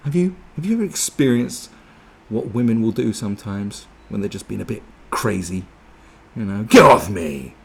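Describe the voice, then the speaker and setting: Sweary sarcastic man, deep voice. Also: moderate pace, vocal fry, a little mellow, slight background noise. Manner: sweary, sarcastic, mocking asides with put-on voices. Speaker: political commentary vlogger. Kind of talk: casual ranting commentary, reading and reacting to an article.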